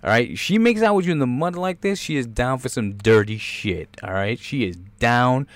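A man's voice: mid-range voice, expressive, moderate pace, no echo. Profane man riffing on a movie trailer. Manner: profane, rambling, jumps into impressions. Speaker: commentator reacting to a movie trailer. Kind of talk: crude comedic commentary.

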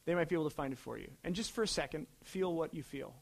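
High-voiced conversational male pastor. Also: expressive, fast talker, vocal fry. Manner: conversational, dynamic swings from loud to quiet. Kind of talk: sermon.

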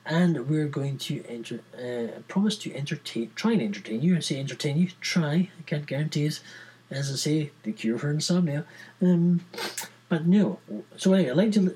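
A man hosts his podcast alone, wandering from one thought to the next with loose, self-mocking jokes. His voice is very husky and rough. He keeps the talk informal, like chatting to friends. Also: on the high side, lively intonation, moderate pace, dark tone, low-quality recording. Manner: rambling, jokey, self-mocking. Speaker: podcast host. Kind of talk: casual solo podcast chat.

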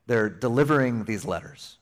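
A young man preaching a sermon as pastor, conversational and animated, slipping in playful asides. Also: medium pitch, moderate pace.

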